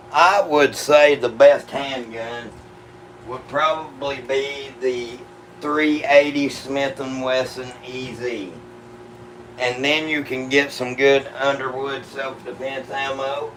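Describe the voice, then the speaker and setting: A man's voice: mid-range voice, fairly bright tone, slight background noise, poor audio. A man hosting a gun channel, answering live chat questions in a laid-back, profane, drawling way. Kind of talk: casual livestream chat.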